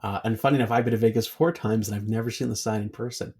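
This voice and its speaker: Husky-voiced male quizmaster. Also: lowish voice, steady tone, very fast, a little mellow. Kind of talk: reading trivia questions.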